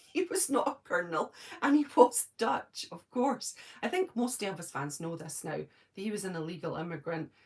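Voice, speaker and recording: A woman's voice: fairly low pitch, expressive, moderate pace, darkish tone. Chatty Scottish woman hosting from home. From Scotland. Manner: chatty, answers viewers by name, thinks aloud. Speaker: live stream host. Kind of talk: casual live chat reading comments.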